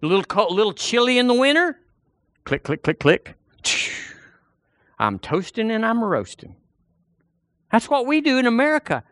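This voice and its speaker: A man's voice: extremely high pitch, sing-song, brisk, a bit bright, no echo, studio quality. A man preaching a sermon in a folksy, conversational way, talking straight to the congregation and often repeating himself.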